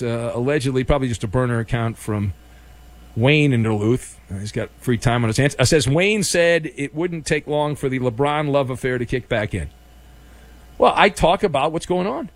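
A man's voice: medium pitch, moderate pace, dry recording. A man hosting a call-in radio show, wisecracking through listener mail and calls. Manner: wisecracking, jumps to shouting. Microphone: studio microphone.

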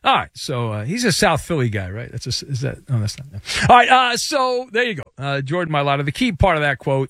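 A man's voice: a little high, brisk, hardly any pauses, dry recording. A man hosting sports radio, giving a sarcastic, joking monologue from the studio. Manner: sarcastic, joking, lively delivery.

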